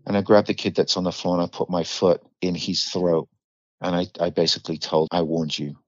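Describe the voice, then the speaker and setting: Give me a deep British man as a podcast guest, candid and vivid, on a dry, muffled recording. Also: fairly even intonation, a little fast, no room sound. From United Kingdom. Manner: vivid blunt storyteller, swears freely, acts out quoted lines. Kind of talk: candid storytelling in a podcast interview. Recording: slightly dull dry recording.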